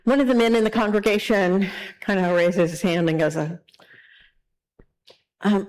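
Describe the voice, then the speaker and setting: A woman minister giving a sermon in a conversational, animated storytelling way. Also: mid-range voice, normal speed, long pauses, low-quality recording.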